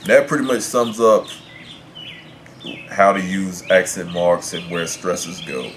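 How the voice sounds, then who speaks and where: A man teaching Spanish pronunciation, explaining grammar to the camera in a measured way, stopping to pick his words. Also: low-pitched, noisy background.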